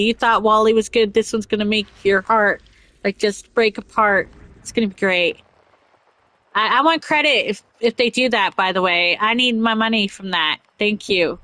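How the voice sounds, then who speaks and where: A woman's voice: mid-range voice, pushed and bright, no room sound, low-quality recording. A woman hosting a casual chat show, reading news aloud and rambling off on tangents with giggles. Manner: rambling, giggly, talks over herself. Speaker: podcast host.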